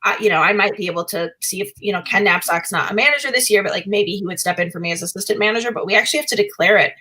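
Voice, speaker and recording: A woman guest in a casual podcast chat who laughs often and talks in an animated way. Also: mid-range voice, rapid-fire, breathy edge.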